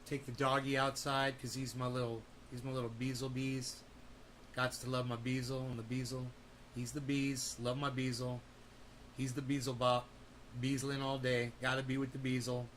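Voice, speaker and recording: A man's voice: mid-range voice, level tone, normal speed, a bit bright, a little hiss or hum. A man chatting loosely on his livestream, rambling and playful, swearing often and cooing at his dog. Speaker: vlogger. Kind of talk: casual livestream chat.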